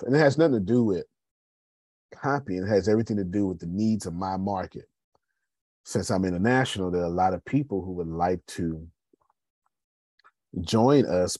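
Low, husky-voiced man. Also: darkish tone, no room sound. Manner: conversational, addresses listeners as y'all. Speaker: host. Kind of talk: motivational business talk.

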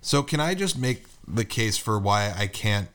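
A man's voice: on the low side, lively intonation, unhurried, fairly bright tone, clear, resonant tone. A man co-hosting a podcast, blunt and swearing freely while laying out his case. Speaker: podcast co-host. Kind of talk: casual chat.

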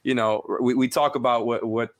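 A man's voice: medium pitch, fairly even intonation, normal speed, no echo. A man co-hosting a casual sports podcast, analyzing tactics with frequent restarts. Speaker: podcast co-host.

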